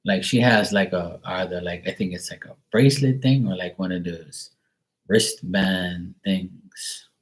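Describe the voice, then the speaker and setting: A man's voice: low voice, unhurried. A young man giving a live psychic reading, talking in a rambling, hesitant way full of fillers and casual swearing. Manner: rambling, hesitant, filler-heavy with mild profanity. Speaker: psychic tarot reader.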